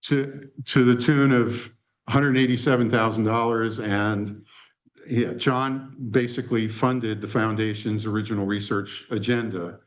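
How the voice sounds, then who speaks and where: A man presenting at a conference workshop, telling an anecdote in an animated way and acting out the dialogue. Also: on the low side, a little slow.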